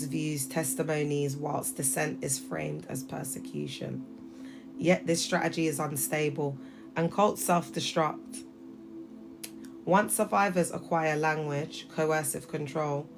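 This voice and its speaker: A woman in her thirties with a low, creaky voice hosts a casual livestream from her phone. She talks emphatically and addresses her viewers directly.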